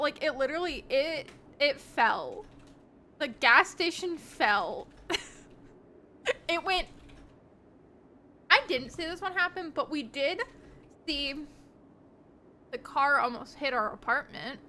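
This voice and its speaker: Giggly high-voiced young woman streamer. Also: very animated, slow, pauses often, pushed and bright, slight background noise. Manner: rambling and giggly, frequent ums. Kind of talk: casual chat with live viewers.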